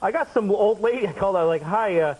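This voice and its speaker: A man doing stand-up comedy and talk-show banter, animated, breaking into loud shouted voices for his punchlines. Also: sits high, quick pace, low-quality recording.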